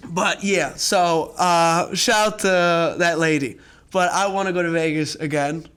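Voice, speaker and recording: A man's voice: a little high, unhurried, smooth. A young man hosting a podcast, chatting casually and telling rambling stories. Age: young adult. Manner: rambling storyteller, animated retellings. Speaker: podcast host. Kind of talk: casual chat.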